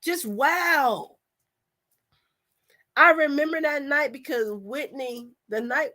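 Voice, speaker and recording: A woman, talking emotionally as a commentary vlogger, trailing off and restarting as her voice swings between quiet and loud. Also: sits high, takes it slowly, pauses often.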